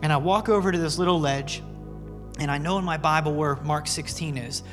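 A man's voice: a little high, fairly quick. A male pastor preaching a sermon, telling stories in a casual, earnest way with fillers like "man". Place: church sanctuary. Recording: long reverb with faint music in a church.

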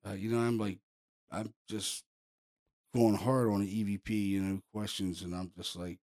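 Casting: low-pitched man, casual storyteller, lively, lots of fillers. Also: moderate pace. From Pennsylvania, US. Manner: animated, heavy on fillers like "you know" and "boom". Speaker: paranormal investigator telling a case story.

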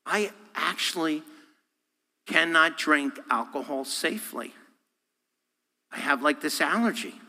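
A man, a guest speaker, preaching a sermon with animated, humorous delivery, acting out voices and quotes. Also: on the high side, slow pace, long pauses. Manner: humorous, self-deprecating. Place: church sanctuary. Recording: long hall reverb.

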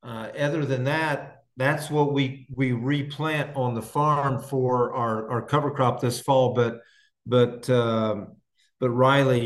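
A man hosting a farming podcast, from Indiana, chatting casually and enthusiastically with listeners and answering their questions, with plenty of restarts. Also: mid-range voice. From Indiana, United States. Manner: rambling, enthusiastic, frequent restarts. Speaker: podcast host and farmer. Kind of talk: casual live-stream chat answering questions.

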